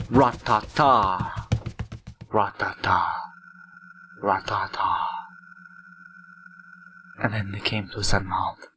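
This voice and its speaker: A man's voice: fairly low pitch, pushed and bright, a little hiss or hum, rough recording. A half-asleep man hosting a let's play, reading the game's text aloud with asides and stumbling, stuttering delivery.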